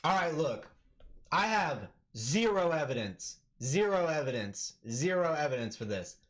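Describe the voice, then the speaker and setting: A man doing live play-by-play commentary on an MMA fight for his stream, talking casually and yelling with excitement at the big moments. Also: a little high, a little slow.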